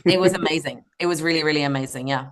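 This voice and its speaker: A woman's voice: low-pitched, fast, noisy background. A young Irish woman chatting and laughing through stories as a comedy podcast guest. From Ireland. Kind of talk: casual podcast chat.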